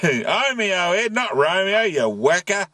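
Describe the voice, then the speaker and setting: An Australian man with a fairly high voice talks at normal speed from a bush campsite, with background noise audible. An amateur radio operator and travel vlogger, he keeps this casual ham radio chat jokey, full of call signs and slang.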